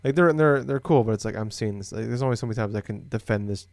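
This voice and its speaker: A man's voice: on the low side, quick pace, a little mellow, no room sound. A young man from Iowa co-hosting a casual podcast, rambling with lots of fillers and restarts. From Des Moines, Iowa. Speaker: podcast co-host. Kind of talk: casual chat.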